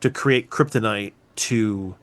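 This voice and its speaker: A man co-hosting a podcast in casual chat, animated and swearing freely, his voice jumping up when excited. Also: on the low side, slow. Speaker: podcast co-host.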